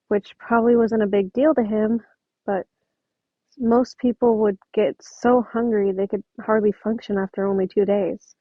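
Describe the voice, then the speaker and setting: A woman's voice: mid-range voice, dry recording, phone-quality sound. A woman reading fan fiction aloud at home, chatty and prone to apologetic asides. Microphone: home microphone.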